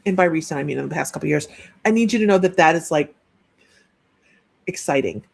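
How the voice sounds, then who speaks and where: Husky, gravelly-voiced woman medium. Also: low voice, a little fast. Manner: chatty, relays messages with frequent restarts. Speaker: psychic medium. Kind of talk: live-streamed psychic reading.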